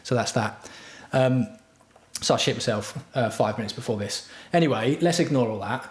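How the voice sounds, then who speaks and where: A man's voice: medium pitch, moderate pace. Profane, rambling man, roomy room. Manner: profane, crude, self-mocking storytelling. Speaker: livestream host. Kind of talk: rambling casual livestream chat.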